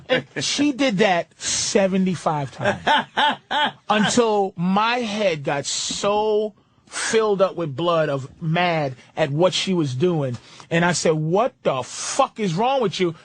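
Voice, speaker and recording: Animated, profane man on talk radio. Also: high-pitched, takes it slowly. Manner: animated, profane, preaching his opinions. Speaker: radio show comedian guest.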